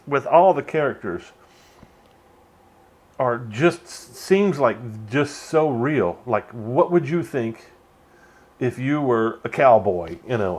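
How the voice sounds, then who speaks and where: A man hosting a casual, rambling commentary on a movie. He laughs often and swears now and then. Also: mid-range voice. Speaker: channel host.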